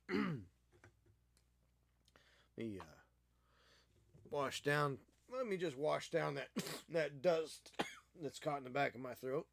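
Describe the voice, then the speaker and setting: A man chats casually while painting miniatures on a stream. His voice sits a little high, and he slips into playful, teasing baby-talk aimed at his cat. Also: slow, gravelly, long pauses, background noise.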